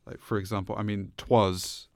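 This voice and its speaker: A man with a British accent co-hosting a poetry podcast, reading slowly and carefully, then chatting casually with frequent restarts and easy laughs. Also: on the low side, little pitch movement, a little mellow, clear, resonant tone, dry recording, clean studio sound. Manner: slow deliberate reading, laughs easily, restarts often. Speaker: podcast co-host.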